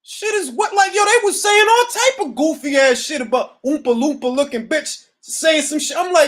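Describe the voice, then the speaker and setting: A man's voice: very high-pitched, normal speed, hardly any pauses. A middle-aged man hosting a boxing talk show, ranting profanely and casually on a livestream from home. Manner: profane, animated, riffing. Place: at home, seated.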